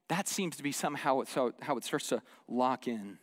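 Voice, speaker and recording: A man preaching a sermon, animated, dropping to hushed asides and rising to loud acted quotes. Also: mid-range voice, a little fast, few pauses. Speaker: pastor. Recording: long hall reverb.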